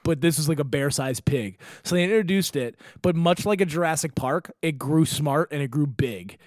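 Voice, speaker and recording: A man's voice: a little high, moderate pace, no room sound, studio quality. A young man co-hosting a comedy podcast, rambling through a story with swearing and frequent laughter. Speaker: podcast co-host. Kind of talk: casual comedic chat.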